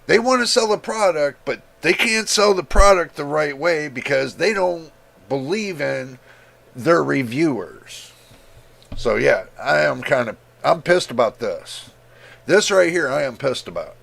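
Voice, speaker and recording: A man's voice: a little high, animated, unhurried, vocal fry, fairly bright tone. A man hosting a tech livestream as a reviewer, talking in a heated, emphatic way and repeating words for stress, with an occasional cough. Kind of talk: casual livestream rant.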